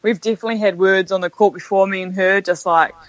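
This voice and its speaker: A woman with a New Zealand accent, a sports captain talking casually as a podcast guest, laid-back and quick to laugh. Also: medium pitch, steady tone, dry recording, highs cut off.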